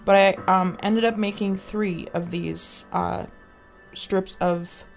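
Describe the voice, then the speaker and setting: A woman's voice: medium pitch, fairly even intonation, slow pace, creaky. A woman hosting a craft tutorial, chatty and casual, with lots of fillers as she explains each step. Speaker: craft channel host. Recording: guitar music behind.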